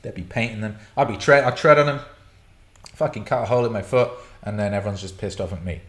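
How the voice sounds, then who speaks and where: A man's voice: lowish voice, fast talker. A man hosting a casual live stream, reading chat questions and rambling, swearing and laughing often. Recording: roomy echo.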